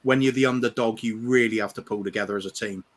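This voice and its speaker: A man's voice: lowish voice, steady tone, fast talker. A man as a guest in a casual fan chat, talking hesitantly and repeating his words.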